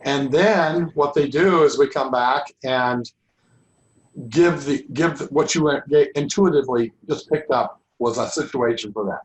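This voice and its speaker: Hoarse man teaching an informal class. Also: medium pitch, a little slow, poor audio. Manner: rambling, restarts sentences often. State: losing his voice. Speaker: holistic healing teacher. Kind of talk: informal online class talk.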